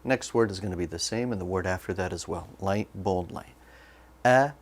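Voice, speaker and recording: A man's voice: low voice, brisk, slight background noise. A man teaching a beginner Arabic lesson, patiently sounding out each word syllable by syllable and then repeating it. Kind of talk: slow online language lesson.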